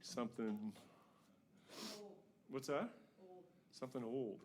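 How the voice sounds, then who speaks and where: A middle-aged singer-songwriter from New Brunswick, telling rambling, self-mocking stories between songs at a house concert. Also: male voice, medium pitch, slow, crowd noise. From New Brunswick, Canada. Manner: rambling, self-mocking anecdotes with frequent chuckles. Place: living room at a house concert.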